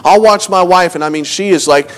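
Pastor, male, higher voice, relaxed storytelling sermon, self-deprecating, restarts lines, reads scripture in old-fashioned wording. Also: a little fast. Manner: storytelling, restarts phrases, self-mocking asides. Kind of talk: conversational sermon.

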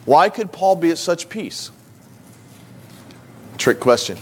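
A man's voice: fairly high pitch, sing-song, slow, pauses often, slight background noise. A man teaching a Bible lesson in a loose, conversational preaching style, stopping to put questions to his listeners. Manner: informal, asks the audience questions.

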